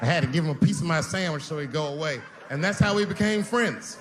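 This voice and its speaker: A male stand-up comedian telling animated stories, sometimes raising his voice. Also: on the high side, fast talker, a crowd in the background. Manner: animated storytelling with bursts of shouting. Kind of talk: stand-up routine. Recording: noisy live stage recording.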